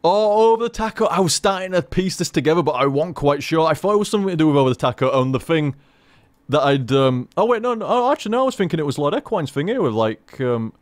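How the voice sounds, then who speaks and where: Man, casual gaming commentary, lively swooping pitch, dry close sound, swears a lot. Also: quick pace, dry recording. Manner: chatty, swears freely, laughs at himself. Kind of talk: casual rambling chat.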